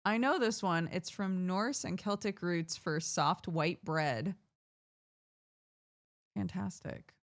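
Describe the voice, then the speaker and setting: A woman's voice: on the low side, slow, pauses often. An American woman streamer chatting casually with viewers, laughing often as she talks. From United States.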